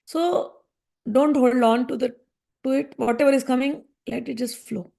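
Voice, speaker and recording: A woman giving a spiritual discourse, earnest and gently reassuring, repeating her points. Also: sits high, steady tone, normal speed, vocal fry. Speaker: spiritual teacher.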